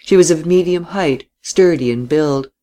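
A man narrating a novel in a steady, even reading voice. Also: fairly high pitch, moderate pace. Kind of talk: audiobook reading.

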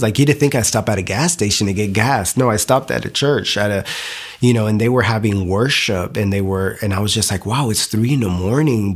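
A young man telling a personal faith testimony in a casual, animated way, full of "like" fillers and acted-out quotes. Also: on the low side. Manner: animated storytelling with many "like" fillers, acting out quotes. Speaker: guest sharing testimony.

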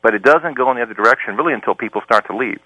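A man, a professor guest on a talk show, explaining ideas in a measured, lecturing way. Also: medium pitch, sharp tone, no echo, low-quality recording. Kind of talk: explanatory interview answers.

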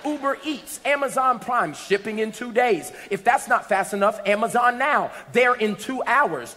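A man preaching a sermon to a congregation, telling a story and building to shouted peaks. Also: very high voice, animated, moderate pace, big-room sound, faint music behind. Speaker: pastor. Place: church hall with congregation.

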